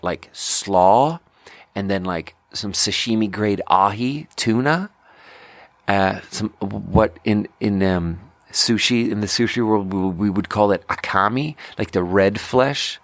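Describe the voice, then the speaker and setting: A man hosting a podcast, telling a long story about his restaurant work in a casual, animated way with lots of filler words. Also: a little slow, dry recording. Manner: animated, acts out quoted voices with big pitch jumps; frequent fillers like "like" and "you know". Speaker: podcast host; restaurant server.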